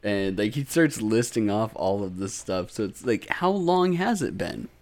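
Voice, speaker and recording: A tired man recapping a show with a friend in casual chat, laughing often, swearing freely and acting out characters in squeaky voices. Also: expressive, unhurried, darkish tone. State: tired, drinking. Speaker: podcast co-host.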